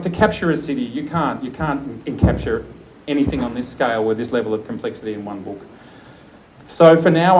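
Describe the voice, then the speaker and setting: A man's voice: medium pitch, darkish tone, a little hiss or hum, rough recording. A man in his forties, a photographer, giving a chatty, enthusiastic live speech at a book launch and often laughing. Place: event room with an audience.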